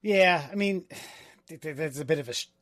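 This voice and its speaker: A relaxed podcast co-host who tosses out deadpan, wry remarks. His voice sits a bit high for a man. The recording is close and dry. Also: moderate pace, no echo. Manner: laid-back, wry, deadpan jokes. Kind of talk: casual chat.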